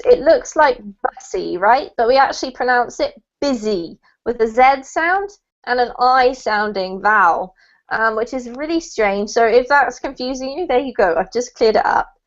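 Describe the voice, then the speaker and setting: A woman's voice: on the high side, expressive, moderate pace. A woman teaching an online English class in a chatty, encouraging way, with frequent laughs. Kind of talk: casual teaching chat on a video call. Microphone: video call. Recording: muffled video-call audio.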